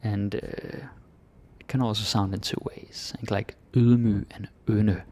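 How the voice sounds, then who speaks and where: A man from Denmark teaching pronunciation in a relaxed, joking way, often dropping into whispers. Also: fairly low pitch, measured pace. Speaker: language teacher. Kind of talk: casual pronunciation lesson.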